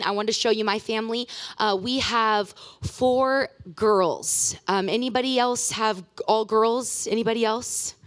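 Animated woman preaching with chatty stories. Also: a little high. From Pacific Northwest of the US. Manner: chatty, animated storyteller with self-deprecating humor. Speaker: guest speaker. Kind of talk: sermon with personal stories. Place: church sanctuary.

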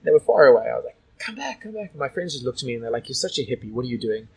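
A man's voice: mid-range voice, expressive, very fast, vocal fry, a little mellow, husky, low-quality recording. A man from Australia telling stories as a guest in a casual interview, rambling with lots of "like" and "you know".

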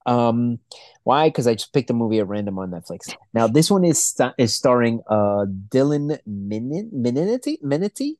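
Profane rambling man, mellow dry voice. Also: medium pitch, very animated, normal speed, no room sound. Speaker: podcast co-host. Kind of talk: casual chat.

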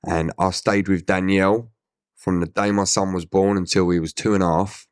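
Blunt Essex man, low dry voice. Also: level tone, moderate pace, no echo. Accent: Essex English. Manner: blunt, swears, acts out quoted dialogue. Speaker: interview guest. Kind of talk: candid storytelling interview.

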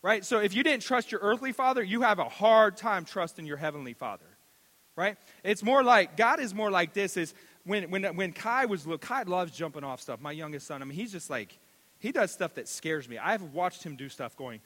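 A man preaching a sermon, animated and repetitive, acting out stories in voices. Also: sits high, normal speed. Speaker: pastor. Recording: long reverb of a large hall.

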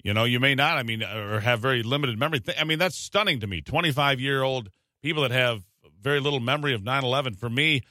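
A male interviewer with a bright, forward voice asks his questions in a measured, thoughtful way, with some fillers. The sound is dry and close. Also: medium pitch, no room sound. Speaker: interview host. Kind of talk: conversational interviewing.

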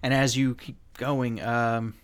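A man's voice: medium pitch, level tone, slow, smooth. A man running a tabletop game as game master, narrating the scene in a loose, casual way. He laughs easily and leans on fillers as he goes.

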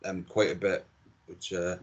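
A middle-aged man with a Scottish accent, talking as a guest on a podcast. His voice sits low, and he chats in a relaxed, opinionated way, often repeating words as he goes. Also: unhurried, muffled recording, slight background noise. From Scotland. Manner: chatty and opinionated, with frequent repeats. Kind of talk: casual podcast interview.

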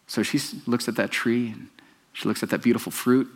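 Pastor guy preaching, lively storyteller, asks the crowd questions, middle pitch. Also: fairly quick. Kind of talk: sermon.

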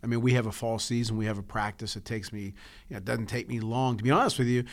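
Male coach, gravelly, candid and emotional, casual talk with lots of restarts. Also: mid-range voice, fast. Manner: emotional, repeats words and restarts, tells stories. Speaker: coach and podcast co-host. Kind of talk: casual chat.

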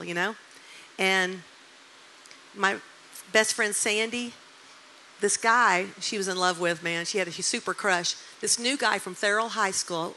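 A woman in her sixties preaching, telling a personal story in an animated, emphatic way with faint background noise. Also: medium pitch, low-quality recording. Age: 60s. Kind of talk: sermon storytelling.

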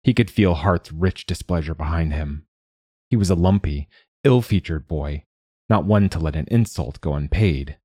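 Man narrating an audiobook, very deep voice, dark mellow tone, dry close sound. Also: moderate pace, dry recording. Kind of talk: scripted narration.

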